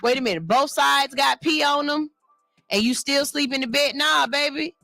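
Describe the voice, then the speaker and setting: Woman morning-radio host, sassy and outspoken, higher bright voice. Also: normal speed, gravelly, no room sound, soft background music. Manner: sassy, animated commentary with laughs. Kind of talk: casual radio chat reading a listener post. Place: radio studio. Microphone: studio mic.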